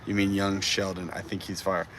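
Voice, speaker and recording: A man's voice: deep voice, completely flat delivery, normal speed, a bit bright, slight background noise. A man in his twenties chatting casually with his live-stream viewers from a city street at night, teasing and joking with lots of slang. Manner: playful, teasing, slangy with lots of dude and bro. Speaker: livestreamer.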